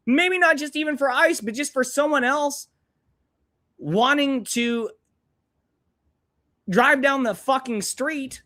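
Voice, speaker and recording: A man's voice: extremely high pitch, bright, forceful tone. A young man hosts a live stream, his voice swinging up and down as he rants. He talks bluntly and angrily, swearing freely as he reacts to a clip. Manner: angry, profane, blunt ranting. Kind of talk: ranting live stream commentary.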